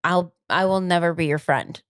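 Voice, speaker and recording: A woman co-hosting a podcast, chiming in with quick, teasing remarks in casual chat. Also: fairly low pitch, a bit bright, clean tone. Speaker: podcast co-host.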